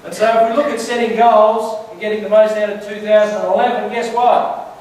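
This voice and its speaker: This church speaker has a fairly high voice and a brisk delivery, turning his sermon into chatty storytelling peppered with questions to the congregation. Heard from far away, his voice echoes heavily through a large hall with a faint hum of room noise.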